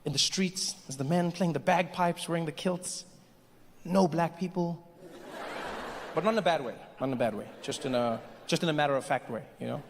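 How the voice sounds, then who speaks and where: A man's voice: fairly high pitch, moderate pace. Man doing stand-up in a big hall. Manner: animated, acts out characters with shifting voices. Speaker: stand-up comedian. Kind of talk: stand-up comedy routine. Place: large theater with live audience. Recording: live hall recording with audience.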